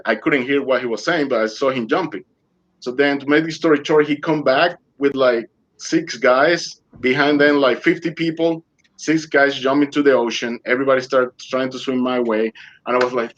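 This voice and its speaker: A man's voice: mid-range voice, a little fast, a bit bright, highs cut off. A man being interviewed over a video call, telling his story vividly and acting out what he said, in loose non-native English. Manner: vivid storyteller who acts out his own quoted lines. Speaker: interview guest.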